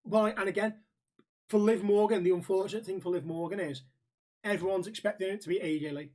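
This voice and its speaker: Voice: mid-range voice, fairly even intonation, fairly quick, a little mellow. A podcast co-host, chatting casually, blunt and swearing freely, retelling stories with quoted dialogue. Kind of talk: casual ranting chat.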